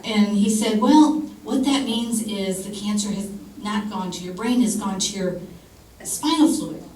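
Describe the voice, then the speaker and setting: A woman tells a dark, funny story on a comedy club stage in a casual, blunt way. Her voice is caught from a distance, and it echoes around the room over a clear hum of ambient noise. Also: medium pitch, a little slow. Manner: conversational storytelling, dark humor, blunt swearing. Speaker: stand-up comedian. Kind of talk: stand-up comedy set. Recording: roomy club sound from far off with audience noise.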